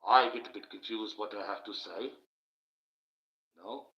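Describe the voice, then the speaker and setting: A man's voice: lowish voice, steady tone, a little slow, pushed and bright. A man hosting a live stream from home at night, giving a rambling, emphatic monologue and thanking viewers in his chat. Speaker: livestream host. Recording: roomy, dull lo-fi stream audio.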